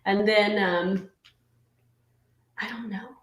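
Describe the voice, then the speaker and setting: A woman's voice: medium pitch, takes it slowly. A woman musician talks in an easy, rambling way and laughs often. Her voice carries a roomy echo around it. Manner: giggly and chatty, with lively laughs. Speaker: musician guest. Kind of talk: casual chat.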